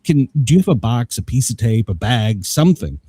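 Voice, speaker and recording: A man's voice: medium pitch, very animated, a little fast, dark tone, husky, dry recording. A man telling a long, rambling story in casual chat as a show host, laughing often. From Southern United States.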